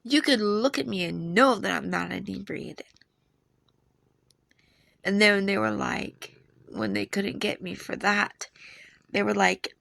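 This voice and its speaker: Gravelly bright-voiced woman in her forties. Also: mid-range voice, expressive, slow pace, long pauses. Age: 40s. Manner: emotional, earnest, rambling with fillers. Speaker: video creator sharing dreams. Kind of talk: personal storytelling.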